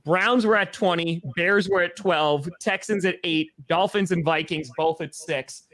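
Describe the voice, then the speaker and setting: A young man co-hosting a sports podcast in quick, joking, casual chat. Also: sits high, fairly bright tone. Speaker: podcast co-host.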